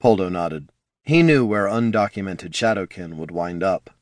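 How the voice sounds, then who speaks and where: Male narrator, lively intonation, close dry sound, reads a fantasy book. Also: low-pitched, normal speed, dry recording. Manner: expressive storytelling. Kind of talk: scripted narration.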